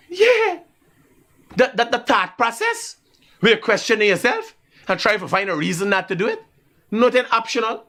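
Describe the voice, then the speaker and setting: A man with a very high voice and a Guyanese accent hosts a live talk show at a moderate pace. He tells stories casually and animatedly, laughing often.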